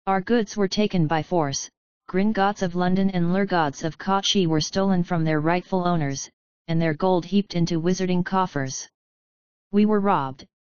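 A woman's voice: on the low side, darkish tone, dry recording, highs cut off, natural voice. A woman voicing a small, proud, bitter male goblin leader who gives a grand speech in a raw, emotional voice.

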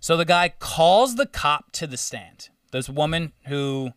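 A man's voice: fairly high pitch, lively intonation, unhurried, a bit bright, clear, resonant tone, no room sound, far from the mic. Young male co-host, loose rambling storyteller, dry sound, a little off-mic. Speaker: podcast co-host. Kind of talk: casual chat.

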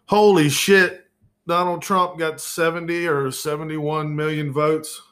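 A man hosting his own podcast, ranting profanely and sarcastically about the news, over-caffeinated. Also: on the high side. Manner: profane, exasperated, sarcastic, loud outbursts. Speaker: podcast host. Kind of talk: solo podcast rant.

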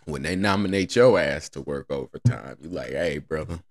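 A man's voice: very deep voice, expressive, normal speed, creaky, no room sound. A man in a casual, joking solo monologue who laughs at his own jokes and acts out other people's lines.

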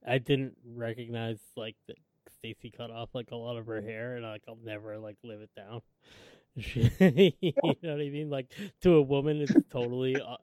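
A man's voice: mid-range voice, steady tone, normal speed, darkish tone, clean tone, no echo. A man co-hosting a podcast, chatting loosely about a TV episode and laughing often. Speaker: podcast co-host. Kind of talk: casual chat recapping a TV episode.

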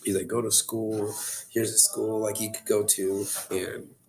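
A man telling his life story as a podcast guest, in a relaxed, rambling way full of likes and restarts. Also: on the low side, a little slow. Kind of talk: casual storytelling. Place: coffee shop.

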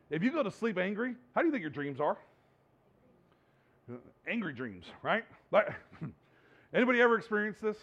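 A man's voice: high-pitched, lo-fi sound. A man preaching a sermon, earnest, often repeating himself and restarting his sentences. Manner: earnest, repeats words and restarts, laughs between points. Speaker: pastor.

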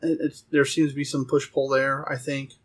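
Husky man chatting casually. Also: medium pitch, flat delivery, normal speed. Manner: rambling, lots of fillers and restarts. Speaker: podcast co-host. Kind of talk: casual chat about card games.

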